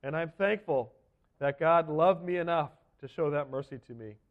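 A man's voice: a little high, normal speed, narrow, tinny audio. A man giving an earnest, emphatic sermon as a first-person dramatic monologue. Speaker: preacher.

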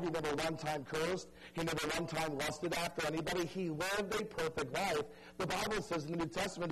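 A man preaching a sermon, telling a story dramatically and pleading earnestly with his listeners, dropping soft and stretching key words for emphasis. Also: a little high, poor audio. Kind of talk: evangelistic sermon.

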